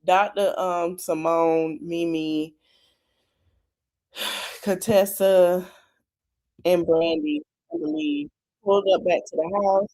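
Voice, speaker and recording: A woman's voice: fairly low pitch, slow, gravelly, pauses often. A woman hosting a podcast, casually recapping a reality show with lots of laughter and acted-out quotes. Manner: animated, laughing, acts out quotes. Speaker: podcast host.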